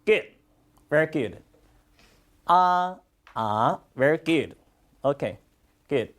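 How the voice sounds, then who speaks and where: A Chinese language teacher, a native Chinese speaker, teaching a class in English with steady praise and repetition. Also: mid-range voice. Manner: slow, encouraging, repeats lots of praise. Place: classroom with students.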